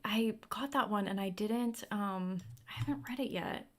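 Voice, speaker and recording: With a mid-range voice and a moderate pace, a young livestream host keeps things casual and chatty, answering comments from viewers along the way.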